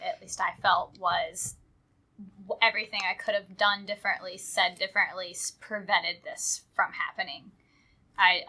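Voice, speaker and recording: Woman guest, flat even voice, very bright sharp tone, reflective. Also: lowish voice. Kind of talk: personal reflective talk.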